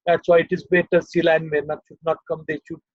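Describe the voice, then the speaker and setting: A man's voice: a little high, level tone, fast, no echo, muffled recording. An older man with an Indian English accent, telling stories from his childhood as a guest, rambling with many fillers. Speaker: guest storyteller. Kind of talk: casual reminiscing. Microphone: video call.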